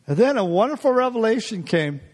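A middle-aged guest preacher gives a folksy church sermon, sharing personal stories and chuckling between thoughts, often laughing and restarting. His voice is high for a man, with big pitch swings, a slightly fast pace and a somewhat mellow tone. A long reverb rings off the hall.

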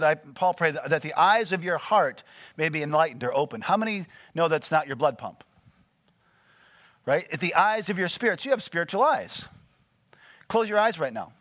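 A man preaching a sermon, animated and full of call-and-response questions to the congregation. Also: fairly high pitch, normal speed, dry recording, studio quality. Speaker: pastor.

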